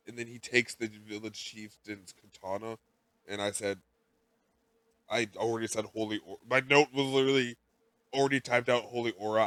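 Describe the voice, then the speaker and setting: A man co-hosting a casual podcast, recapping an anime episode with rambling, animated asides and quoted lines. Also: lowish voice, dry recording. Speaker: podcast co-host.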